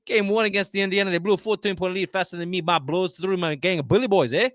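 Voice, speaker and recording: A foul-mouthed Scottish sports ranter, put on by a man in a shaky accent that drifts Irish and French. He barrels through insults with a forceful, bright voice. The sound is dry and close. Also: high-pitched, dry recording, voice pushed up. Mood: mocking. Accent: mock Scottish, drifting Irish and French. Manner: loud, profane, rapid comic rant.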